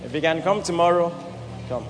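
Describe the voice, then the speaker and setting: A man's voice: fairly high pitch, fairly quick. A man preaching as a pastor, leading an altar call with emphatic, repeated calls to the crowd. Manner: emphatic, repeats "did you hear what I said". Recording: echoey hall with music behind.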